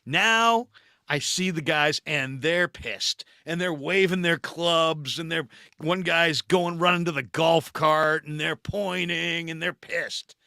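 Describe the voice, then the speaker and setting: A middle-aged man hosting a casual chat, telling a story in an animated way and acting out the voices in it. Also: on the high side, slow pace, creaky, no echo, studio quality. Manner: animated storyteller who acts out the voices in his anecdotes. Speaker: podcast host.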